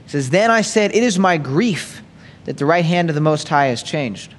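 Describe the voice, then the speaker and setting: A man leads a Bible study, reading scripture aloud and then unpacking it in a relaxed, conversational way. He keeps asking rhetorical questions and tacking on "right?" and "okay?". His voice sits high for a man, and it rings out with the long reverb of a hall. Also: moderate pace, a little hiss or hum. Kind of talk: sermon-style Bible teaching.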